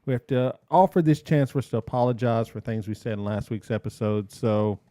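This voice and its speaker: A man's voice: medium pitch, a little fast, no echo. A man hosting a casual podcast chat, joking around and laughing often. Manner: laughs often, animated and jokey. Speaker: podcast host.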